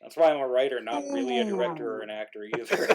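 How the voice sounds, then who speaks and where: Male writer-host, rambling and self-deprecating, chatting over a video call mic. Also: a little high. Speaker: playwright and host of an online play reading. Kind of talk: casual chat on a video call.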